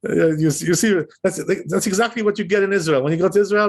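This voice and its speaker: A man's voice: high-pitched, quick pace, few pauses. A man, a rabbi, giving an informal religious lesson, explaining as he goes and repeatedly checking in with "right?" and "you know?". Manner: demonstrates pronunciation aloud. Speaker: rabbi teaching a class.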